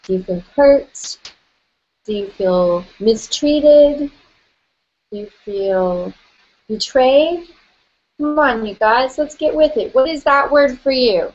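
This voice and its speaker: A woman leads a guided tapping session at an unhurried pace, her voice sitting a little high. She speaks gently and playfully, often laughing. The sound is dull and slightly lo-fi.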